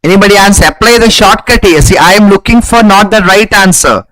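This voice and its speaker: Man, fairly high pitch, live exam-prep teacher, repetitive drilling delivery. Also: brisk, a bit bright, rough recording. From India. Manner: repetitive drilling, frequent throat-clearing. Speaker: English teacher.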